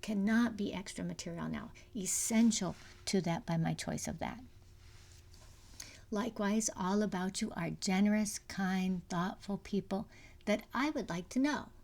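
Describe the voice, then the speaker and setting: A woman's voice: medium pitch, measured pace, creaky, darkish tone. A middle-aged woman giving a recorded university lecture, explaining step by step with many fillers and restarts. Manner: explanatory, frequent fillers and restarts, sometimes drops to a whisper. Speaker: university English instructor.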